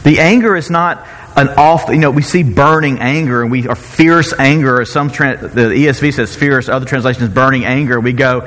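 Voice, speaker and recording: A pastor preaching a conversational sermon, acting out quotes and often chuckling. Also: male voice, medium pitch, moderate pace, a bit bright, in a large hall.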